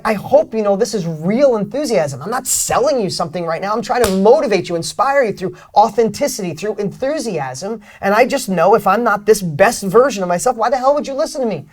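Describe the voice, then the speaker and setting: A middle-aged man speaks with fired-up motivational energy in an interview. He is emphatic, and his voice swings widely between loud, high bursts and low, quiet asides. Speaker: guest, author and speaker.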